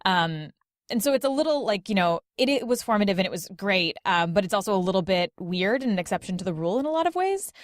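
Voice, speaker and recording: A woman's voice: medium pitch, very animated, fast, no room sound, studio quality. A woman guest on a podcast, talking in a chatty, casual way with lots of "like" and "um" and frequent laughs. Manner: chatty, heavy use of "like" and "um", laughs often. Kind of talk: casual chat.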